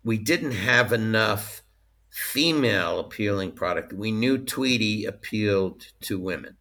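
A man speaks as an interview guest recalling his years in merchandise licensing. His voice sits low but has a bright, forceful edge. He tells stories in a loose, chatty way and often breaks into laughter. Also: lively intonation, unhurried. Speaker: interview guest, former studio licensing executive. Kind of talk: casual anecdotal storytelling.

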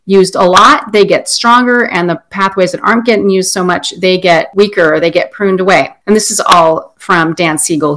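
A woman's voice: mid-range voice, fairly bright tone. Woman, interview guest, mid-range voice, chatty and self-correcting. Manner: chatty, self-correcting, laughs at her own slips. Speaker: parenting expert guest. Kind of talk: conversational explanation.

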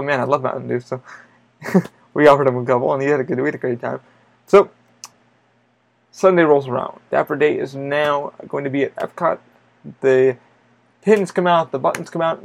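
A podcast host with a mid-range voice and vocal fry tells a story in a casual monologue. He rambles loosely, swearing a lot and using plenty of filler words.

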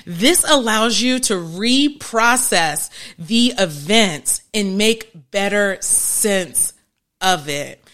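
Woman therapist, live-stream teacher; bright, forceful tone, emphatic with frequent restarts. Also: mid-range voice, animated, drawn-out words. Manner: emphatic, restarts often, laughs at herself.

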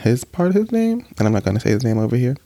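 A young man talks casually to his camera in a sassy, animated way, cursing freely and jumping into playful high-pitched asides. His voice is dark and gravelly with a lot of fry. The recording is dry and close, with no room echo. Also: very fast. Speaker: vlogger.

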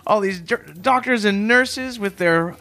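A man co-hosting a comedy podcast, telling an absurd story in a deadpan, matter-of-fact way. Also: high-pitched, a little slow. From Canada. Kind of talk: deadpan improvised comedy chat.

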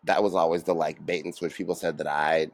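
Giggly low-voiced male podcast co-host. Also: level tone, brisk, no echo. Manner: giggly, rambling, profane. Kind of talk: casual chat.

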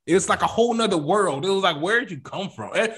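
A man co-hosting a casual wrestling podcast, rambling and animated, acting out quotes in jokey voices. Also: high voice, a little fast, slightly rough. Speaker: podcast co-host.

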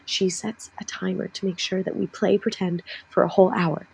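Young woman, podcast co-host, casual storyteller, a little low in pitch, animated quotes. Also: quick pace, vocal fry, few pauses. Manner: chatty storyteller, acts out quotes in animated voices. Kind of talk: casual chat.

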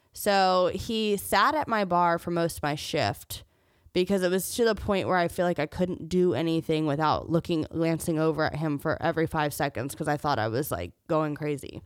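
A woman's voice: fairly low pitch, moderate pace, smooth, no room sound, clean studio sound. A young woman sharing a personal story on her podcast, candid and emotional, near tears at times, with joking asides. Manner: joking asides between serious parts. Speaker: podcast host.

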